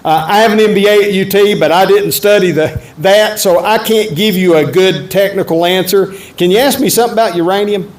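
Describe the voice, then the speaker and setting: A man's voice: high-pitched, a little fast, hardly any pauses, a little hiss or hum. A man, a politician speaking at a town-hall event and taking questions in a blunt, folksy, joking way. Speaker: politician answering audience questions. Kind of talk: campaign town-hall speech and Q&A. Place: event room at a resort. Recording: echoey room with faint ambience.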